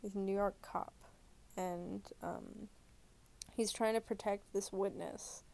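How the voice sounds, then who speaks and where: A woman's voice: mid-range voice, steady tone, slow pace, gravelly, a little mellow. A woman giving rambling, casual movie reviews alone in her bedroom, full of fillers, restarts and trailing thoughts.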